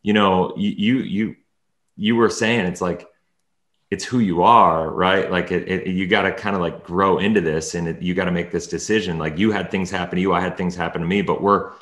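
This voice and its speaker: Low-voiced guy hosting a chat, kinda rambly, lots of restarts, roomy echo. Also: steady tone, brisk, a bit bright. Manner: rambling, many restarts and fillers. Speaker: podcast host. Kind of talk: casual interview chat.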